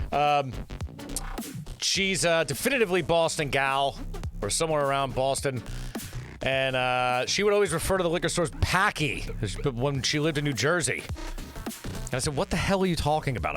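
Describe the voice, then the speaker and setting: A young man hosting a casual food show, rambling and swearing freely as he reads out a list. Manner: rambling, loose and profane, big jumps in pitch on words read out. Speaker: host. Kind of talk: casual chat.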